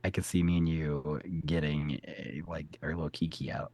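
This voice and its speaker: A man co-hosting a podcast in casual, chatty banter, quick to correct and riff. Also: rumbling low, steady tone, darkish tone. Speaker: podcast co-host. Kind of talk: casual chat.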